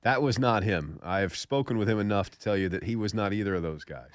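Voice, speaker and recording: Hosting a golf radio show, a man with a scratchy throat jokes around and laughs often while telling stories in casual studio chat. His voice sits on the low side and moves a little fast, with studio-quality sound and no room echo.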